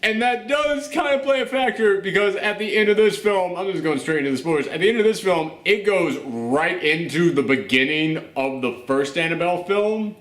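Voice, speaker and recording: A man chats through a spoiler movie review with animated energy and frequent swearing. His voice sits a little high for a man. The room around him adds a noticeable echo. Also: normal speed, few pauses. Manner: animated, swearing, with acted asides. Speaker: movie reviewer and channel host. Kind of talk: casual spoiler review chat. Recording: echoey room.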